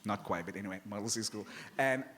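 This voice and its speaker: A man with a Cape Flats South African accent speaks on a live festival stage, his voice bright and forceful. A slight sibilant lisp colours his words. He tells stories with animation, often laughing and acting out voices. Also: lowish voice, fast talker. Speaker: author guest. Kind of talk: festival panel conversation.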